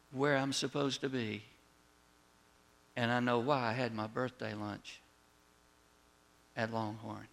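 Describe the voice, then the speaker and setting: A man preaching a sermon as a pastor, telling a personal story with lively retold dialogue and words that drop soft at the ends of lines. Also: mid-range voice, creaky. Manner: storytelling, animated when retelling, drops soft on closing words.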